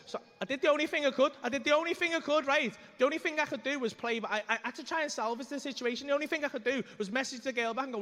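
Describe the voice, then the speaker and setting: A man doing stand-up storytelling on a club stage, sweary and animated, acting out his own dialogue. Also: extremely high pitch, very fast, hardly any pauses. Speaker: stand-up comedian. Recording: live club room with faint ambience.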